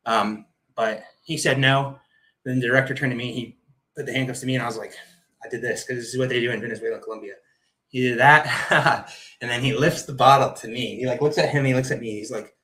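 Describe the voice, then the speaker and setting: A man, an Air Force veteran, telling his story as a podcast guest in an animated, vivid way. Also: mid-range voice, fast talker, rough recording. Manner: vivid, animated retelling with acted-out quotes. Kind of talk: personal storytelling in a podcast interview.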